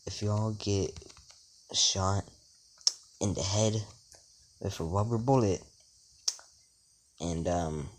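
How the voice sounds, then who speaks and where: A man's voice: low voice, slow pace, pauses often, poor audio. A man doing a smug teenage hired killer. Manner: smug, offhand, rambling. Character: cocky teenage boy turned cold hired killer.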